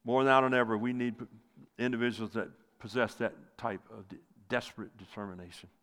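A male pastor preaching a sermon with passion, rising loud and then dropping to near quiet. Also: brisk. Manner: impassioned preaching, swells loud then drops low. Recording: long hall reverb.

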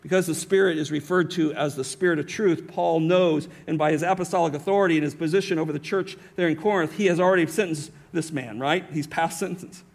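A man's voice: on the high side, fairly quick, creaky, few pauses. A male pastor preaching a sermon, emphatic, often asking his listeners rhetorical questions.

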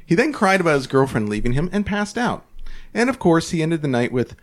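A man co-hosting a casual podcast, reading a forum story aloud with laughs and animated delivery. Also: a little high, brisk. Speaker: podcast co-host.

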